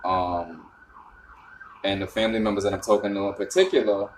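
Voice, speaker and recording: Rambling low-voiced New York man. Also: fairly even intonation, brisk, slight background noise. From northern United States. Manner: rambling, filler-heavy, gets louder and higher when explaining. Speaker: vlogger. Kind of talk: casual talk to camera.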